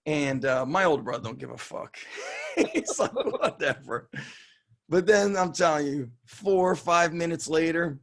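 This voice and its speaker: A middle-aged man from Israel, a strength coach telling lively, profane stories in an interview and acting out the voices of the people in them. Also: a little high, moderate pace, gravelly. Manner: animated, profane, acts out quoted voices. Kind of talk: casual storytelling interview.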